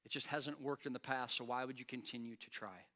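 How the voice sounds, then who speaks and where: A man preaching a sermon as pastor, animated and acting out quoted lines with rising intensity. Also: mid-range voice, brisk. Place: church.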